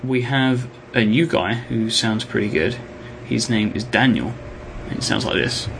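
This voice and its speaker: A man with a British accent co-hosting a casual tech podcast, enthusiastic and full of quick asides and restarts. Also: mid-range voice, vocal fry, background noise. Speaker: podcast co-host.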